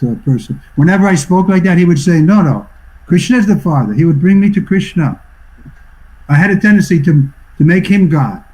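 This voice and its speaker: An older man from New York, a swami giving a devotional talk over a video call, telling stories reflectively and clearing his throat often. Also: on the high side, mellow, low-quality recording. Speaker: swami teacher. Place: online video session.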